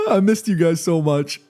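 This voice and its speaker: A man from Korea hosting a live football watchalong stream, reading chat aloud, eating snacks and reacting loudly to the match. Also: sits high. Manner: chatty, reads chat aloud, excited shouts at match action.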